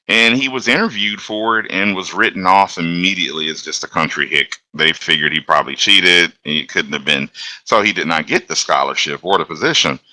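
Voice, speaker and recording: A man from Alabama, a locomotive engineer, chatting as a guest and telling stories in a relaxed, rambling way. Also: low-pitched, dry recording. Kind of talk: casual conversational storytelling.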